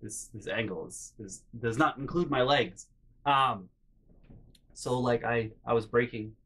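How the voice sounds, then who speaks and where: A young man telling comedic personal stories in a rambling, animated way, with loud acted-out outbursts. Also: mid-range voice, measured pace, slightly rough. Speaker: storytelling vlogger.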